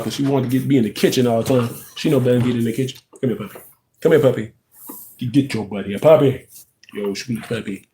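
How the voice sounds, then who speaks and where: A man's voice: dark tone, slight background noise. A man chatting casually to his viewers on a livestream, addressing them as y'all. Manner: chatty, talks to viewers as y'all, drops into high sing-song bits. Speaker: livestream host.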